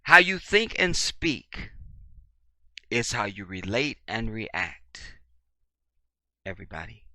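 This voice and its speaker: This commentary channel host gives a preachy monologue, his bright, forceful voice rising and falling with energy. He drives his points home through repetition, swinging from near-shouts to low murmurs, while taking it slowly and pausing often. The recording is dry.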